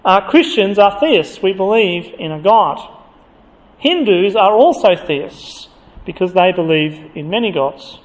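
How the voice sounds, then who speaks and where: A man preaching a sermon, emphatic and building to forceful accusation as he reads from scripture. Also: high-pitched, expressive, a little slow. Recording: long hall reverb.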